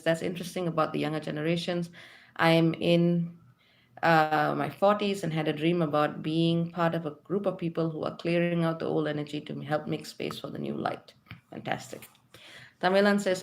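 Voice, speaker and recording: A woman with a lowish, gravelly voice hosts a spiritual livestream, chatting casually and reading viewer comments aloud with lots of fillers.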